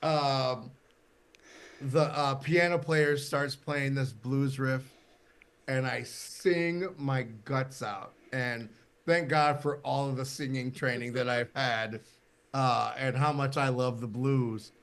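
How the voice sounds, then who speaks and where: A man's voice: mid-range voice, takes it slowly. A middle-aged man, a podcast guest, telling a stage anecdote in casual chat and acting out the voices he quotes. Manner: animated anecdote teller, acts out quoted voices.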